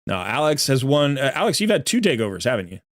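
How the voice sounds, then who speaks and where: A man's voice: mid-range voice, sing-song, fast, no room sound, studio quality. A man giving chatty, rambling live-stream commentary as he looks through a viewer's game account, often correcting himself.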